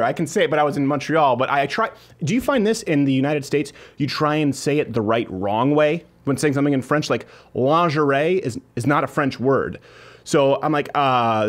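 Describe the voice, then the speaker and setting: A man's voice: a little high, fairly quick. A man hosting a talk show, joking and laughing as he rambles through introductions and banter.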